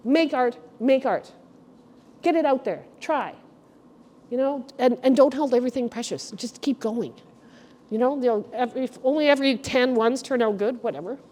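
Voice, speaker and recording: A middle-aged woman curator giving a chatty, animated walk-through talk to a group in an art gallery. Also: on the high side. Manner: chatty, animated storyteller, addresses the group directly. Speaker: guest curator. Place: art gallery exhibition room.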